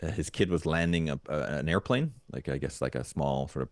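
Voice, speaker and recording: A man's voice: very deep voice, expressive, a little fast, darkish tone, no echo. A man co-hosting a parenting podcast, thinking aloud in casual chat with lots of fillers and restarts. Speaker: podcast co-host.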